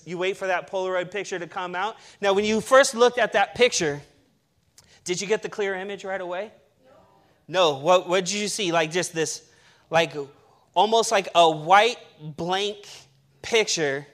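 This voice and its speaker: Male pastor, high voice, emphatic preaching, playful asides, church sermon. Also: a bit bright.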